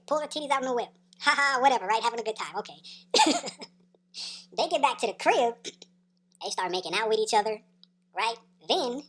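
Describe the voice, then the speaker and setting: A woman's voice: a little high, a bit bright. A woman telling a wild personal story in a casual, profane, slangy way, tagging her sentences with "right?" and laughing between beats. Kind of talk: casual story time monologue.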